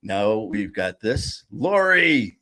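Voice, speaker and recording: A man's voice: fairly low pitch, moderate pace. A man hosting a casual live stream from a small studio into a table-mounted mic, joking and rambling with lots of restarts. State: a little loopy after anesthesia. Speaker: host.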